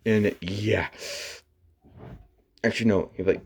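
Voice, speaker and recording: Man, low-ish voice, loose rambling storyteller, heavy on fillers. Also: moderate pace, pauses often, darkish tone. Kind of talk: improvised fan story retelling.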